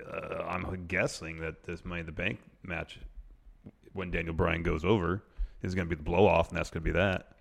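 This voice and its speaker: A man with a very low, gravelly voice who recaps wrestling matches step by step. He keeps a relaxed, casual manner throughout. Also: normal speed. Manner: easygoing, recaps events step by step. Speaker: podcast co-host.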